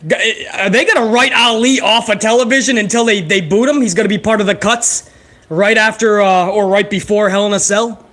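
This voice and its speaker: A man giving live, profane play-by-play reaction to a wrestling broadcast, excitable and joking. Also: high voice, fairly quick. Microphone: headset.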